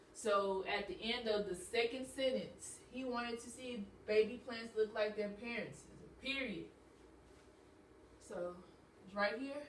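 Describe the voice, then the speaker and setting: Patiently walking a class through grammar, a woman teacher goes step by step and repeats every point. She has a fairly high voice, heard from a distance in an echoey room with a little hiss or hum.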